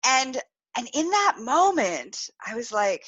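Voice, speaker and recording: A podcast host with a fairly high, breathy-edged voice takes her time telling a story on a live-streamed chat, heard through dull audio. She's animated, laughs often, and acts out quoted voices.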